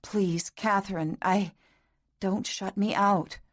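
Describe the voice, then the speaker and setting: A woman narrator voicing a tender, anguished young husband who pleads softly and throatily. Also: medium pitch, fairly even intonation, takes it slowly, no echo, studio quality. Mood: tender pleading.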